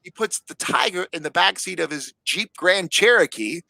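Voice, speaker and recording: A man's voice: sits high, expressive, normal speed, creaky, bright, forceful tone, no room sound, poor audio. A man co-hosting a podcast, telling a story in casual chat and laughing often. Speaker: podcast co-host.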